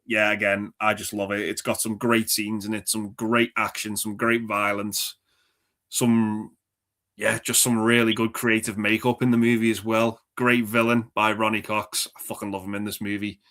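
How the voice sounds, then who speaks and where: A man's voice: on the low side, level tone, normal speed, a bit bright. A man co-hosting a casual movie podcast, talking enthusiastically and rambling, with frequent swearing. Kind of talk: casual film chat.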